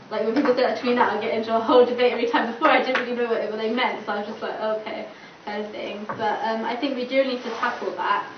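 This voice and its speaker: Chatty young woman, distant echoey room. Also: on the high side. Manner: chatty, filler-heavy, acts out quoted dialogue. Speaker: student campaigner. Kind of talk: panel talk. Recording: distant, echoey, dull and noisy room recording.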